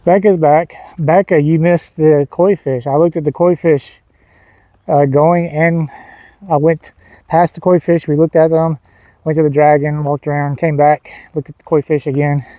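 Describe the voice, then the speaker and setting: A streamer with a fairly high voice walks through rural countryside, chatting casually with his livestream viewers at a moderate pace. He's relaxed and rambling as he talks to chat, and the phone-quality audio has no room sound.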